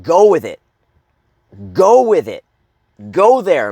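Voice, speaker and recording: A middle-aged life coach, high-pitched with wildly swooping intonation and a darkish tone, speaks slowly on a dry recording. Bluntly and with lots of swearing, he gives men motivational advice, forever checking in with "okay?" and "right?".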